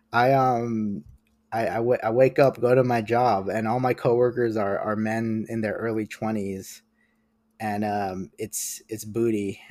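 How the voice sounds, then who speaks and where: A man's voice: lowish voice, level tone, a little slow, darkish tone, dry recording. A man in his late twenties, a comic artist guest in casual podcast chat, rambling and self-mocking and often restarting his sentences. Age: late 20s.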